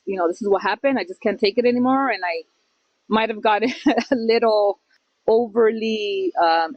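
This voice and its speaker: Animated woman telling a personal story. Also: mid-range voice, no echo, rough recording. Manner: animated storyteller, acts out quoted voices, mixes in Spanish phrases. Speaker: podcast co-host. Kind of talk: casual storytelling chat.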